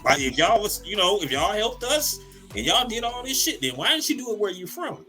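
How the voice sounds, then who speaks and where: A man with a bright, forceful voice that swings widely in pitch, co-hosting a laid-back podcast. He talks in a rowdy, profane way, restarts his sentences and laughs a lot. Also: a little fast, soft background music. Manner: animated, profane, laughs often, repeats words. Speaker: podcast co-host. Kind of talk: casual comedic podcast chat.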